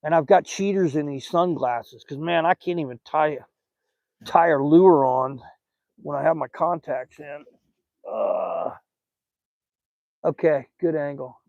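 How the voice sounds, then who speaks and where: Speaking slowly in a slightly high, fry-tinged voice, this older fishing host with a Southern American accent streams live outdoors from a little lake boat. His chatter is rambling and folksy, aimed at viewers and fish alike, broken by many pauses. A phone mic captures it muffled, with no room sound.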